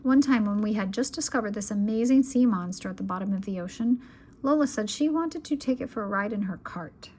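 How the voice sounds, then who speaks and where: Calm woman reading a bedtime story. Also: medium pitch, fairly quick, a little hiss or hum. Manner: calm, gentle, at times whispered. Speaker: children's storyteller. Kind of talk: bedtime read-aloud.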